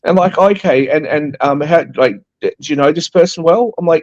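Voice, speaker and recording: A man's voice: fairly high pitch, brisk, lo-fi sound. A man co-hosting a casual panel chat, ranting animatedly and mimicking the people he talks about. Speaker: co-host.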